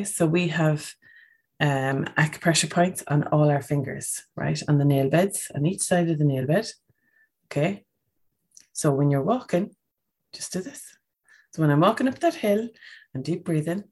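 Woman, low husky voice, coaching on breathing, keeps saying okay. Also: measured pace, a little mellow. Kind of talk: casual podcast talk.

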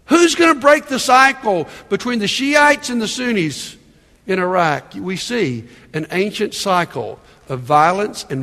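Male pastor, high voice, animated sermon delivery, long hall reverb. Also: unhurried. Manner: animated preaching, calls out "Amen?" to the congregation.

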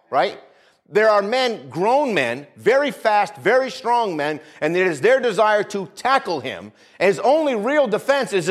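Lively, emphatic male preacher. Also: high-pitched. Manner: emphatic, repeats phrases, calls for "Amen?" responses. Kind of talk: sermon.

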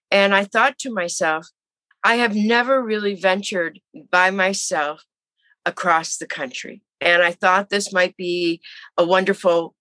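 A woman's voice: lowish voice, no echo. A woman in her seventies, an interview guest telling her story casually and acting out the voices of people she quotes. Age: 70s. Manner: animated, acts out quoted voices.

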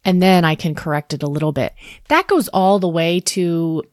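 A woman in her thirties talking candidly about parenting and therapy in a relaxed podcast chat, reflective and quick to laugh. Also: fairly low pitch, no room sound, studio quality. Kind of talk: casual podcast conversation.

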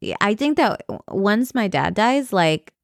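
A woman's voice: medium pitch, big pitch swings, unhurried, creaky, dry recording, studio quality. A young woman talking candidly in a personal vlog, rambling with fillers and restarts. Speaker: vlogger.

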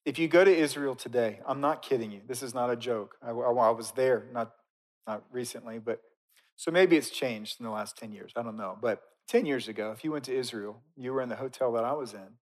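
Emphatic conversational male preacher. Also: medium pitch. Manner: conversational and emphatic, swinging between loud bursts and quiet, drawn-out stresses. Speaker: pastor. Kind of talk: sermon.

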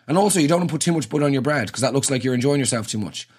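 A man's voice: medium pitch, expressive, rapid-fire, darkish tone, breathy edge. Rambling, sweary Irish man. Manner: rambling, sweary, acts out little scenes. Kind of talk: comic monologue.

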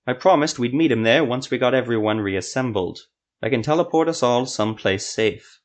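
A man voicing a calm, smug male sorcerer in a fantasy audio story, speaking in a needling way. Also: medium pitch, moderate pace, natural voice.

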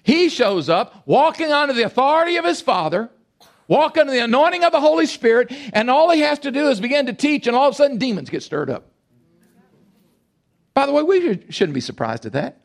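A man in his sixties preaching a sermon, emphatic and animated, swinging between loud bursts and quiet asides. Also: very high voice, a little fast, gravelly. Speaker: pastor.

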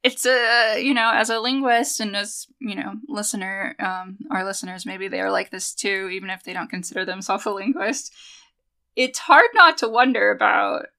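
A woman co-hosting a chatty podcast, her voice bright and forward. She talks in quick bursts of animated chat, laughs often, and circles back to finish her thoughts. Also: mid-range voice, vocal fry. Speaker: podcast co-host. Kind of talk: casual chat.

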